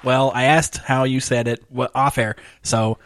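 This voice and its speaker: A man's voice: mid-range voice, fairly even intonation, a little slow, fairly bright tone, dry recording, clean studio sound, a faint crowd. A man hosting a comedy podcast, easygoing and often laughing. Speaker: podcast host. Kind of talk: casual interview chat.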